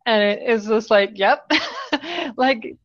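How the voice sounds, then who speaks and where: A woman's voice: fairly high pitch, expressive, slow, no room sound, highs cut off. A woman guest in an interview, explaining her work in a direct, practical way and often checking in with "right?". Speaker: guest business coach. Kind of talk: casual interview talk.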